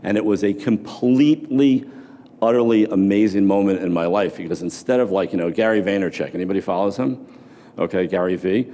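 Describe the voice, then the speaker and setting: Deep-voiced former floor trader from New York telling profane stories in a motivational speech, recorded with long hall reverb. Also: male voice, a little fast, warm tone. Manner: casual storytelling with profanity.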